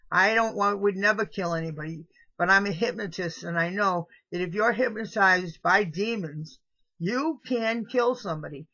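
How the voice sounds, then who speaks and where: A woman's voice: lowish voice, bright, forceful tone. Rambling middle-aged woman, dull lo-fi audio. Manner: rambling, meandering, with trailing restarts. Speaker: vlogger. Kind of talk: confessional monologue to camera. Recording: dull lo-fi home video audio.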